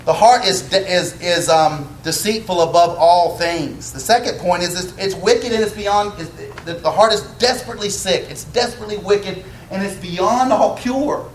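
A man preaches to his congregation, his voice sitting slightly high for a man. He talks in a conversational way and keeps asking the pews questions. The sound is roomy, with faint ambience from the church behind him. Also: normal speed, few pauses, a little hiss or hum. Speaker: pastor. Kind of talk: sermon. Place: church sanctuary.

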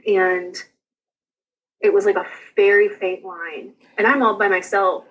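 A young woman, a guest on an interview show, chatting casually and quickly about her own experiences, often laughing as she tells them. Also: medium pitch, fairly even intonation, husky, lo-fi sound. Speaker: guest sharing her birth story. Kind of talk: casual personal storytelling.

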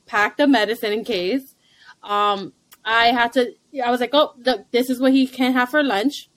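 A young woman and stay-at-home mom co-hosting a casual chat, animated and blunt, laughing often. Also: on the high side, normal speed, no room sound.

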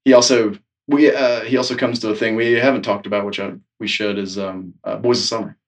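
A man's voice: fairly low pitch, steady tone, fairly quick, distant mic. A man, a snowboard instructor, praising a coworker in casual, filler-heavy talk. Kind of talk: interview tribute.

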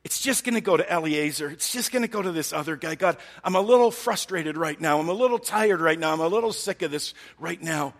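A man's voice: on the high side, brisk, few pauses, a bit bright, long reverb tail, voice pushed up. A man voicing a weary, frustrated old male patriarch who pleads and complains.

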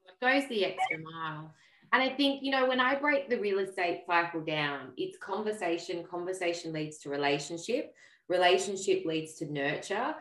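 A woman's voice: on the low side, expressive, normal speed, a bit bright, reverberant, rough recording. A woman hosting a podcast, speaking in a reflective, conversational way. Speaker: podcast host. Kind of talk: casual podcast talk.

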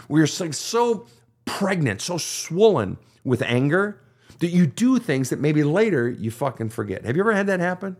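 A man's voice: on the high side, big pitch swings, normal speed. A man who hosts a counseling podcast, giving blunt, emphatic advice full of swearing. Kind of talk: profane motivational advice.

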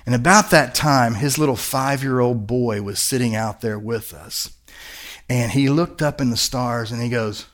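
A man's voice: medium pitch, normal speed. A middle-aged male pastor preaching a sermon in an earnest, conversational storytelling manner.

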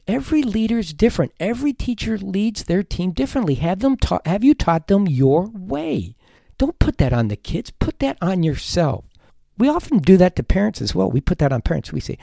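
A man's voice: sits high, very animated, brisk, gravelly, warm tone, dry recording, studio quality. A man, a teacher hosting an advice podcast, talking earnestly and emphatically, at times heated.

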